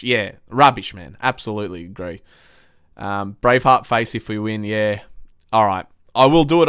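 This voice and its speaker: Frustrated and blunt, a young man from Australia swears freely while responding to viewer comments on his live stream. The mid-range voice is somewhat bright and clean, captured with clean studio sound and no room sound.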